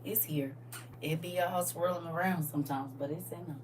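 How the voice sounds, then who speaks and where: A middle-aged woman hosting a casual livestream, talking in a lively, folksy way to her viewers and sometimes dropping to a soft whisper. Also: lowish voice, fairly quick. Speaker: livestream host. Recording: distant mic with faint hum.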